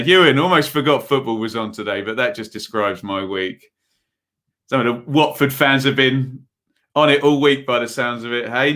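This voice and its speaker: A man's voice: mid-range voice, bright, forceful tone. A man hosting a live football watch-along, calling the play casually and chatting to viewers between moves. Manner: casual play-by-play mixed with reading viewer messages; rambling and chatty, with frequent fillers. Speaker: live stream host.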